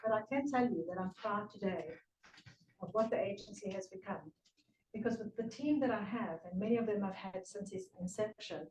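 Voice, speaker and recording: A woman from South Africa with a South African accent, slightly British-tinged, giving a prepared speech at a speaking club, earnest with emphatic pauses. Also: mid-range voice, darkish tone, a little hiss or hum. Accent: South African English with a slight British tinge. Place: meeting room. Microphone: room recording from a distance. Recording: echoey room from far off.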